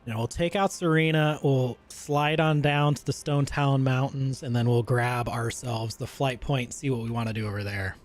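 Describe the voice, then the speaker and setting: A male gaming streamer in casual, rambling commentary. He speaks at an ordinary mid pitch and gets enthusiastic with slangy excitement while he plays. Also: moderate pace, few pauses.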